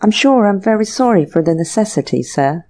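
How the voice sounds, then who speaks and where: A woman's voice: mid-range voice, lively intonation, brisk, darkish tone, lightly acted. A woman voicing a polite, apologetic male manservant in an audiobook reading. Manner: respectful, ends phrases with "sir".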